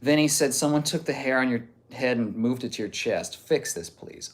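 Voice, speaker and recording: A man's voice: mid-range voice, normal speed, few pauses. A man streaming live, reading viewer messages aloud in a joking, off-hand way. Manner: joking, off-hand, reads messages out one after another.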